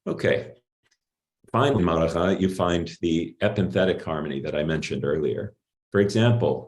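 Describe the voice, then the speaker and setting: Low-voiced guy lecturing, middle-aged, calm and explanatory, some ums. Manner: measured, explanatory, with fillers and pauses. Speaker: linguistics lecturer. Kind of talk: academic conference talk.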